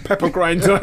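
Co-host: playful man, slightly high voice, jokey banter. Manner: playful, riffing, laughs often. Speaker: podcast co-host. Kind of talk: casual comedic chat.

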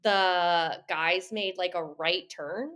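Animated woman telling a race story. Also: on the low side, slow pace. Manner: animated storytelling, many "like" fillers. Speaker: professional runner guest. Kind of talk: casual chat.

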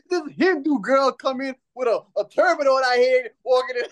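The man hosting this podcast has an extremely high pitch and talks fairly quickly with few pauses. Telling a long, animated story in casual conversation, he laughs often, swears and jokes freely, and impersonates others by shifting his voice for their lines.

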